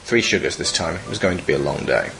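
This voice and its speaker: Deep-voiced man reading a deadpan story. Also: fast talker, gravelly, over music, low-quality recording. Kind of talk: reading a comic story aloud.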